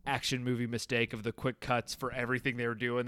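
A man's voice: mid-range voice, flat delivery, fast talker, pushed and bright, clear, resonant tone, no room sound, clean studio sound. A man casually reviewing a horror movie with friends, rambling and laughing as he acts out quotes. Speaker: podcast co-host.

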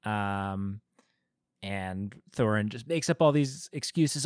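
A man co-hosting a casual podcast, retelling film scenes with lively quoted voices. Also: fairly low pitch, slow, clean tone, dry recording, clean studio sound. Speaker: podcast co-host. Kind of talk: casual film review chat.

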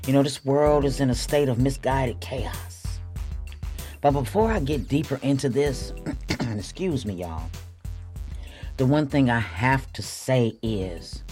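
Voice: medium pitch, darkish tone, breathy edge. An earnest podcast host giving a heartfelt spiritual talk, repeating phrases and calling listeners y'all. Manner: repetitive, drawn-out phrasing.

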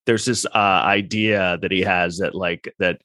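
A man reacts to clips in a loose, rambling commentary, sarcastic and mocking, with frequent swearing. His voice sits fairly low, and the recording is dry and close. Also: fairly even intonation, a little slow, sharp tone, no room sound. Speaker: podcast host.

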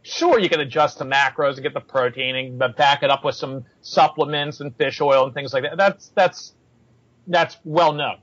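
A man's voice: fairly high pitch, moderate pace, no echo. A man talking fitness in a casual chat, telling anecdotes and acting out the people he quotes. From United States. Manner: animated storyteller, acts out quoted people. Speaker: fitness coach. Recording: dull, slightly lo-fi sound.

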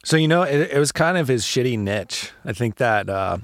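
A man, a former bass player, guesting on a podcast in laid-back, swearing casual chat that eggs the host on. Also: animated, normal speed, dry recording, clean studio sound.

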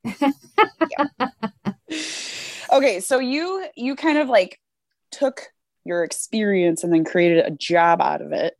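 Female podcast host, bubbly and playful, mid-pitched, dry close mic. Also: expressive, takes it slowly, pauses often, darkish tone, dry recording. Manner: bubbly, laughs often, playful. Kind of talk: casual podcast chat.

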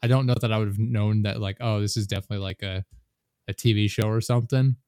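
A man's voice: lowish voice, steady tone, fast, a little mellow, smooth, no room sound, studio quality. A man chatting as a podcast guest, rambling with plenty of fillers and hedges. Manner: rambling, lots of "like" and hedging. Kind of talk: casual chat.

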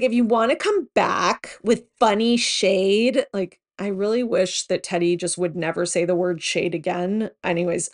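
A woman hosting a podcast, chatting casually about reality TV gossip with lots of fillers. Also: medium pitch. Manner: chatty and animated, many fillers, laughs at own jokes. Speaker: podcast host.

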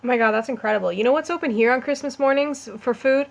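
A young adult woman, animated and laughing as she tells stories in a casual chat. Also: high voice, fast, vocal fry. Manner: animated storyteller, laughs often. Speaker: co-host.

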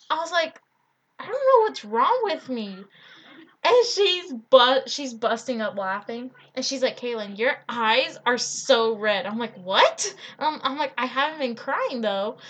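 A young woman co-hosting a podcast, telling a funny story in a casual, giggly way, full of "like". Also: high-pitched. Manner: giggly, animated, lots of "like". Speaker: podcast co-host.

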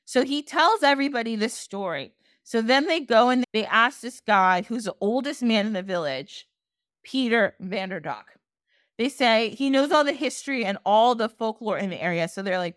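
Woman, podcast host, casual storytelling, animated, laughs often, very lively pitch. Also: normal speed, no room sound, studio quality.

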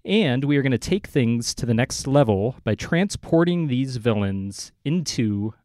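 Young male podcast co-host, sarcastic and teasing, dry close-mic sound with no room, mid-pitched voice. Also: lively intonation, unhurried, a little mellow, no echo. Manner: sarcastic, teasing, often drops to a low mutter. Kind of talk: casual comedy podcast banter.

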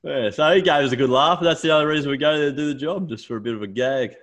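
A man's voice: fairly high pitch, fast talker, fairly bright tone. An Australian man co-hosting a podcast, telling stories in a casual, swearing way. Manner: swearing storyteller. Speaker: podcast co-host. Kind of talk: casual chat.

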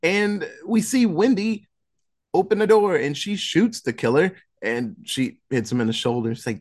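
This podcast co-host is a man walking through a horror film's story in a loose, rambling way, full of fillers and false starts, laughing softly as he goes. He speaks at a normal speed in a fairly high, expressive voice.

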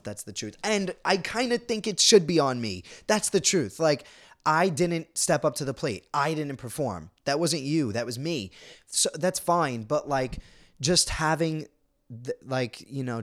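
Emotional man rambling with restarts. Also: mid-range voice. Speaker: reality show contestant. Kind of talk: casual chat.

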